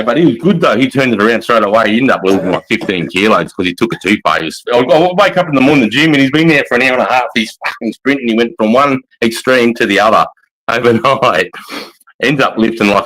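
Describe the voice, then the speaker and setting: A blunt Australian man with a fairly low voice rambles through army stories on a casual livestream. His talk is thick with swearing and asides to the viewers, and he keeps it relaxed and unpolished. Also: fast, poor audio. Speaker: army veteran streamer.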